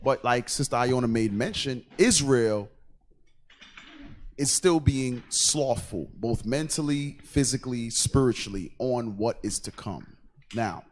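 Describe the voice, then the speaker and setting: A man's voice: medium pitch, animated, unhurried. A man hosting an online radio show, talking casually with stop-start phrasing and earnest asides. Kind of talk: casual livestream chat.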